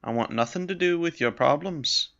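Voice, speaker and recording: A man's voice: fairly high pitch, moderate pace, fairly bright tone, pitched above the performer's own voice. A man voicing a grumpy male hermit mage with a light put-on Scottish accent, curt and unwelcoming. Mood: gruff. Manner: gruff, curt, wants to be left alone. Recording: slightly dull lo-fi sound.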